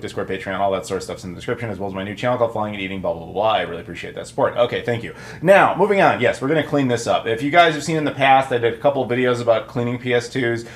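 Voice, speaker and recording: A man's voice: medium pitch, slight background noise. A man hosting a casual how-to video, talking in a chatty, informal way with lots of asides. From United States. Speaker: YouTube host.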